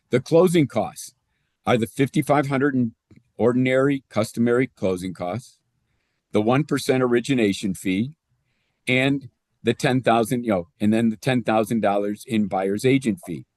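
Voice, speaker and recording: Casting: male presenter, casual explainer of numbers, dry close sound, mid-pitched. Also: a little mellow, dry recording. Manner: conversational, walks through numbers step by step. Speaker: real estate presenter. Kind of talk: explaining loan math to realtors.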